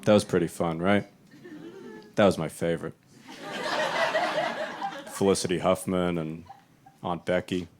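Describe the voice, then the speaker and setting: A young adult stand-up comedian performs a live set in a small club, speaking loosely and conversationally and slipping into animated voices for people he quotes. His voice sits low, a little slow, with long pauses and background noise.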